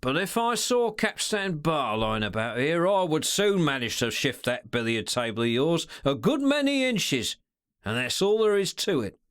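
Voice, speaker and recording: A man voicing a sly, stealthy male secretary in a storybook, with slangy, sneering, drawn-out remarks. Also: on the high side, very animated, fairly bright tone, smooth. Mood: scornful.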